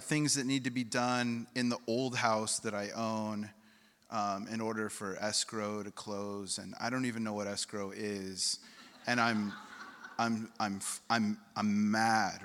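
A man's voice: medium pitch, pushed and bright. A middle-aged man preaching a sermon, telling a personal story and then building to emphatic repeated points. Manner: storytelling, rising to emphatic repetition. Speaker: pastor. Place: church hall. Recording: long hall reverb.

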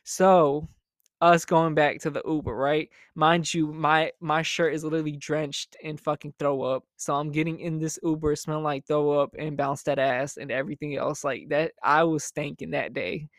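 Brief: young guy, slightly high voice, profane chatty storyteller, dry close mic. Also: flat delivery, normal speed, dry recording. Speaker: storytime host. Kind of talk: casual storytelling monologue.

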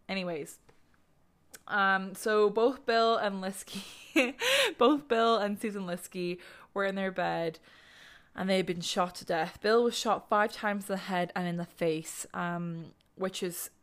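Here a young woman swears and uses lots of fillers as she rambles through true-crime stories on her podcast. Her voice is fairly low and a bit bright.

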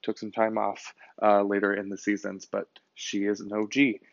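A man hosting his own podcast alone, chatting casually and bluntly with lots of swearing, speeding up and slowing down for emphasis. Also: fairly low pitch, gravelly, dry recording, highs cut off. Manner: animated, blunt and profane, swings between fast bursts and slow emphasis. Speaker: podcast host. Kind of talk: casual solo podcast chat.

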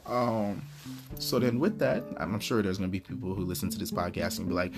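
Man, podcast host, low voice, blunt and swearing, guitar music in background. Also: a little fast, creaky. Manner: blunt and profane. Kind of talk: casual storytelling rant.

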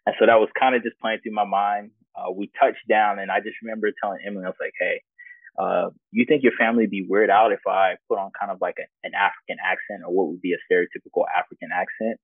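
A man's voice: lowish voice, steady tone, fast, no room sound. A man being interviewed, telling personal stories in a reflective, easygoing way. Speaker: interview guest. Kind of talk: casual personal storytelling. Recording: tinny phone-like dry sound.

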